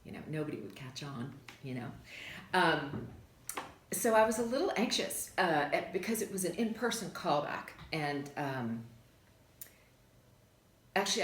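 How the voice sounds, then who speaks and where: A woman with a low voice tells reflective, rambling stories about her voice-acting work in a casual interview. The room is echoey, with faint ambience behind her. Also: slight background noise. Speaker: voice actress.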